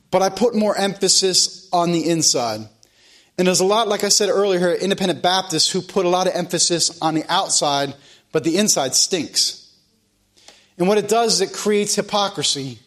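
A man's voice: fairly high pitch, a bit bright. A man preaching a sermon in an earnest, emphatic way, repeating phrases to drive points home. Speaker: pastor.

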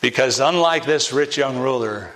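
A man's voice: medium pitch, moderate pace, a bit bright. A man preaching an evangelistic sermon, pressing listeners with direct questions and rising to emphatic peaks.

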